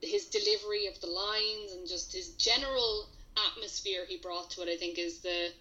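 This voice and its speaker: A woman with a bright, sharp voice chats with enthusiasm as a podcast co-host. Her sound comes through a dull, lo-fi microphone that takes the edge off the top. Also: mid-range voice, steady tone, normal speed. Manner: enthusiastic and conversational. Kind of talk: casual film discussion.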